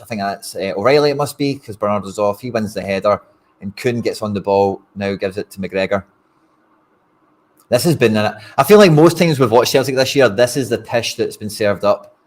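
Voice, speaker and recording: A fairly low, fairly quick male voice belongs to a Scottish fan streamer leading a watch-along. He gives casual, frustrated commentary on the football, speaking to his audience in a blunt, direct way.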